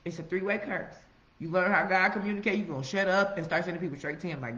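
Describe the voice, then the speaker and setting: A woman giving a casual, profane motivational monologue, preaching with loud emphatic outbursts. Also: lowish voice, fast. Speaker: motivational vlogger. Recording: roomy, slightly muffled recording.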